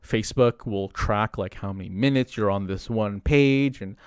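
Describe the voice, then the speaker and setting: A young man chatting casually on a livestream, rambling with lots of fillers and animated asides. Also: fairly low pitch, normal speed, clean tone, no room sound, studio quality. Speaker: streamer commenting on politics.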